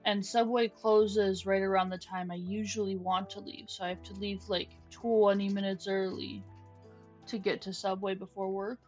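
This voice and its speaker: A young woman chats casually while streaming a game, her mid-range voice level in tone and moving at a normal speed. She rambles through stories, restarting as she goes, and coos softly at her pet. Her dull lo-fi stream mic also picks up faint background music.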